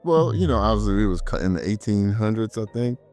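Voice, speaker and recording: A man's voice: fairly low pitch, lively intonation, quick pace, darkish tone, faint music behind. Profane man animatedly retelling a film. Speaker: co-host reviewing a film. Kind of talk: casual chat.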